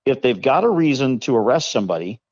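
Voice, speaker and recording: A man co-hosting a casual political talk show, speaking in a measured, hesitant way with many fillers. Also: mid-range voice, sing-song, muffled recording, a crowd in the background. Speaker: co-host.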